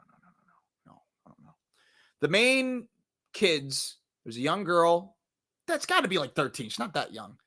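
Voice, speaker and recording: A man hosting a movie review show in casual chat, animated and jokey, often swearing and acting out scenes. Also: high voice. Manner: animated, jokey, profane, acts out scenes in put-on voices. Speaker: podcast host reviewing movies.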